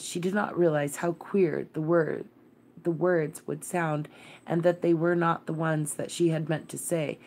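Woman storyteller, deep voice, calm measured bedtime narration. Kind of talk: bedtime read-aloud of a classic novel.

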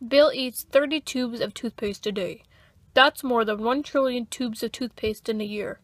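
A young woman narrating a toy role-play video in a mock-documentary deadpan. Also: a little high, moderate pace, soft background music.

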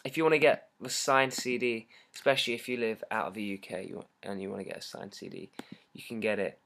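A teenage boy with a British accent hosts a casual livestream for his fans. He reads their comments aloud in an excitable, rambling, jokey way, over a laptop mic. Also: lowish voice, fairly quick, creaky. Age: teens. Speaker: singer hosting a fan livestream. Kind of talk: casual livestream chat reading fan comments.

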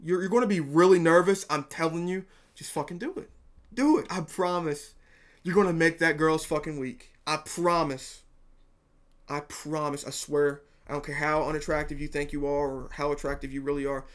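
A man's voice: fairly high pitch, little pitch movement, normal speed. A young man giving dating advice to viewers in a rambling, earnest way, swearing freely. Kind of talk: casual talk to camera.

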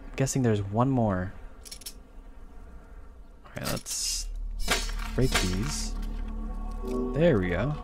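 A man casually commenting while he plays a game on a close desk mic, jumping to high yelps when startled. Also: animated, slow, pauses often. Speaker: gaming streamer. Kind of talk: casual let's-play commentary. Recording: game music underneath.

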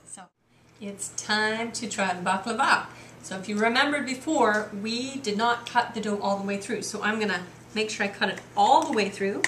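A woman's voice: medium pitch, normal speed, a bit bright, a little hiss or hum. A woman hosting a casual home cooking video, chatty and enthusiastic as she works in her kitchen.

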